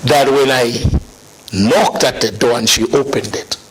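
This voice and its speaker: A middle-aged man telling his conversion story as a guest, animated and laughing now and then. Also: medium pitch, measured pace, husky. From Zambia. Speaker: guest sharing testimony.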